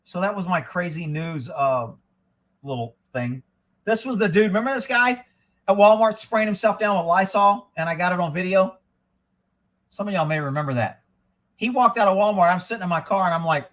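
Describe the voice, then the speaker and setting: Giggly man with a high voice. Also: moderate pace, a bit bright. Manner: chuckling, loose and irreverent. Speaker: livestream host. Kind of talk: casual livestream chat.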